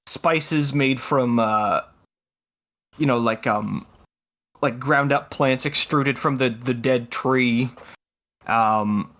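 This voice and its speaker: A man's voice: mid-range voice, slow pace, long pauses, fairly bright tone. A man playing a tabletop game, casually explaining what his character does with lots of fillers. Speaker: player.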